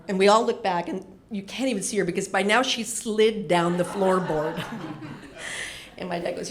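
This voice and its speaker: A middle-aged woman telling a comedic personal story in an animated, lively way, swearing casually. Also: mid-range voice, moderate pace.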